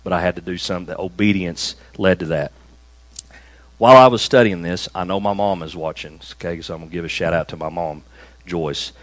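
A man preaching a conversational sermon to a small church room, slowing down to stress key phrases. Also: low voice, fairly bright tone, dry recording, low-quality recording. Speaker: pastor.

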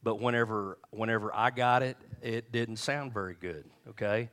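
A middle-aged male pastor delivers a sermon and tells stories, acting out quotes by shifting his pitch and volume. He speaks at a moderate pace with a slightly bright tone.

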